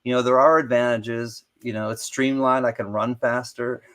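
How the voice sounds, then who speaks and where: A man's voice: mid-range voice, little pitch movement, moderate pace, a bit bright. A man co-hosting a coin collecting stream, joking in a laid-back casual chat.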